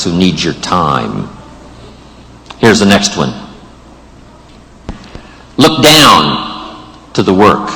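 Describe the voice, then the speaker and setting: A man's voice: sits low, a bit bright, big-room sound, low-quality recording. A man giving an emphatic motivational speech to a live audience in a large event room, building rhetorical lists of phrases. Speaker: motivational speaker.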